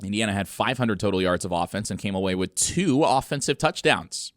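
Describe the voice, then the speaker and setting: Young man, college sports talk radio host, deadpan sarcastic asides, lower voice, dry studio mic. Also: a little fast, no echo.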